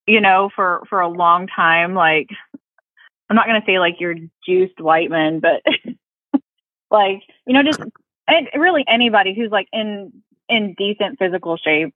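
A woman guest in a relaxed, chatty conversation who giggles easily. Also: on the low side, no room sound. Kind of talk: casual chat. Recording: tinny phone line, dry.

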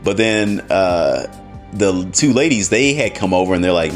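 A man with a low voice tells a story on his podcast, his pitch swinging widely as he gets worked up. He laughs often and swears without holding back, in a loose, casual way. Faint music plays underneath. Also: lively intonation, moderate pace. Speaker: podcast host.

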